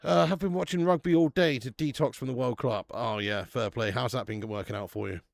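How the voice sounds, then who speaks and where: British male streamer, young, gravelly, dry close-mic sound, loose sweary banter. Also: medium pitch, a little fast, dry recording. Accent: British English. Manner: chatty, swears freely, reads viewer comments aloud. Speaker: watch-along host. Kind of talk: casual live-stream chat.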